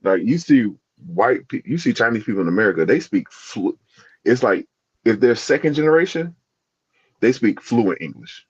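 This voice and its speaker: Rambling podcast co-host, muffled dry sound. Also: male voice, on the low side, sing-song, moderate pace, husky, no echo. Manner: rambling, restarts, searching for words. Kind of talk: casual chat.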